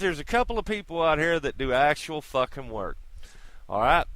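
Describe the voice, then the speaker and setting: A man's voice: mid-range voice, sharp tone, no echo. A man delivering a casual, folksy, profanity-laced rant straight to his viewers, whom he calls kids. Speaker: video blogger. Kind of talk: casual ranting monologue.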